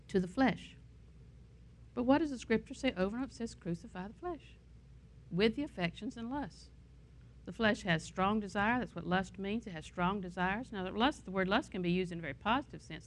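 A woman's voice: mid-range voice, a bit bright. A middle-aged woman pastor preaching a sermon in a conversational way, with asides and anecdotes.

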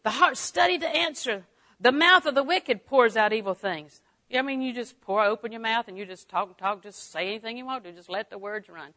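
An older woman teaching a Bible lesson in a folksy way, dropping to a hush and rising to exclaim. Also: on the high side, expressive, a little fast. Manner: folksy, swings from hushed to exclaiming.

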